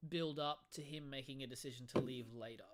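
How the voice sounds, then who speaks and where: A man in a casual podcast chat, relaxed and talking with loose fillers. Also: mid-range voice, a little fast. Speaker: podcast co-host.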